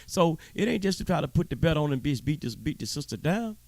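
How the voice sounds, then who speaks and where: A man's voice: on the high side, big pitch swings, quick pace, creaky, a little mellow, no room sound. A man hosting his own show, delivering a heated, profane commentary monologue with preachy emphasis and stammering repeats. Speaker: show host.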